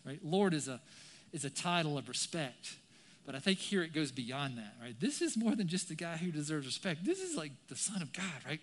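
A man preaching a sermon to a congregation and online viewers, animated and conversational, often checking in with "right?". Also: fairly high pitch, brisk. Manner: animated, keeps asking "right?". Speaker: pastor. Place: church, some viewers online.

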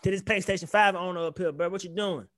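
A young man co-hosting a podcast, ranting in animated, profane casual chat. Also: high voice, quick pace, slight background noise. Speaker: podcast co-host.

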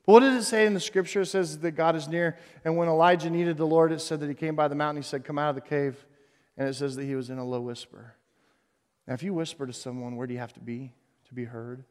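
A male pastor preaching a sermon on stage, animated and jokey, swinging between loud emphasis and hushed tones. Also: fairly high pitch, fast, long reverb tail. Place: church stage before a congregation.

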